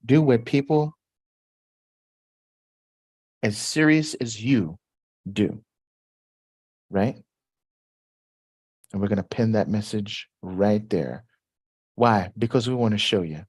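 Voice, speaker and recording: A man hosting a live Q&A stream, talking in an animated, repetitive way and jumping up high in pitch when excited. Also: takes it slowly, long pauses, slightly rough, no echo, clean studio sound. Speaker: host.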